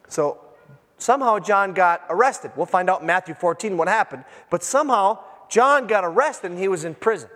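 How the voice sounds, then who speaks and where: A man preaching a sermon in a lively, animated way, acting out quotes and breaking into asides. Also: sits high, normal speed. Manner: animated, acts out quotes, self-interrupting asides. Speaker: pastor. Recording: long reverb of a large hall.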